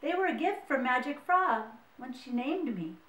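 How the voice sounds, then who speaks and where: Lady doing a polite little dreamer mouse, earnest, bit high, echoey room. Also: animated, moderate pace, a bit bright, distant mic. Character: eager young male mouse, hopeful dreamer. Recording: roomy, mic set away.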